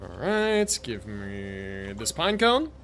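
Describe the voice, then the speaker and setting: A man's voice: fairly low pitch, huge pitch swings, slow pace, a bit bright. A man live-streaming a video game, joking and rambling through casual commentary with plenty of swearing. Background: game music.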